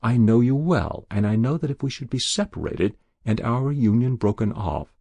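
A man's voice: mid-range voice, lively intonation, moderate pace, dark tone, breathy edge, dry recording. A man voicing an earnest, devoted young woman in an audiobook, speaking tenderly. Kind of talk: audiobook character voice.

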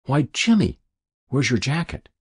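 A man's voice: medium pitch, big pitch swings, unhurried, slightly rough, no echo, studio quality, pitched above the performer's own voice, full character voice. A man doing a bewildered, fretful mother. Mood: dismayed. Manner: fretful, then gently serious. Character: tired, bewildered mother of five.

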